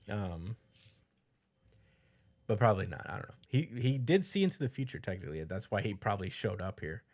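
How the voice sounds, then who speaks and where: A man co-hosting a podcast, casually recapping a chapter with lots of fillers and quick put-on quotes. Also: on the low side, big pitch swings. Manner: loose storytelling with fillers, voices quotes. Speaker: podcast co-host.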